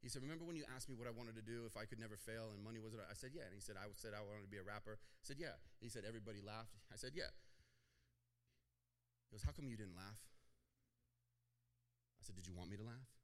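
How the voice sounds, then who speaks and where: A male pastor giving a sermon, telling a story in a conversational way, acting out the dialogue and building to loud, emphatic points. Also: lowish voice, very fast.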